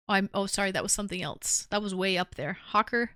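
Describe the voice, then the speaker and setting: A woman's voice: medium pitch, fairly quick, pushed and bright, no room sound, clean studio sound. A woman hosting a live call-in stream, chatting casually and teasing her callers in an upbeat way.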